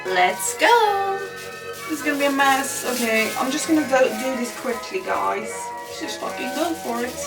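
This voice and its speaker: A woman's voice: sits high, a little fast, gravelly, few pauses. A young woman vlogging casually at home late at night, swearing constantly in a frustrated, self-mocking way. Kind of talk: casual talk to camera. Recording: distant mic with music behind.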